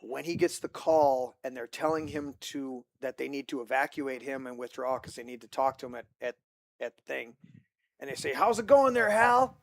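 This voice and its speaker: A man hosting a casual movie podcast, talking excitedly, swearing often and rambling with restarts. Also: mid-range voice, moderate pace, vocal fry, dry recording. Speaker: podcast host.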